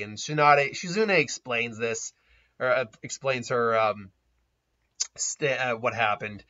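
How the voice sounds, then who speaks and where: A man's voice: mid-range voice, slow pace, pushed and bright. A man casually retelling a story, rambling, laughing often and restarting his sentences. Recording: dull lo-fi recording.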